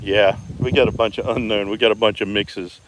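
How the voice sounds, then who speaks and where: A homestead vlogger with a lowish voice gives a brisk, relaxed, rambling live-stream walkaround, greeting viewers by name. He speaks into his phone outdoors, and the recording is very noisy, with crickets and insects buzzing behind him.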